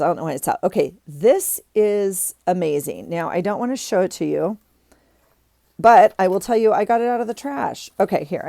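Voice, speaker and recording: A woman's voice: lowish voice, gravelly, darkish tone, no echo. A woman vlogger chatting casually while she tidies her desk, rambling with many ums and restarts.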